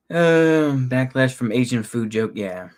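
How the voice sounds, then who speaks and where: A man in his thirties with a Texan accent, talking casually to his livestream chat in a rambling, halting way with many restarts. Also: medium pitch, darkish tone. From Texas.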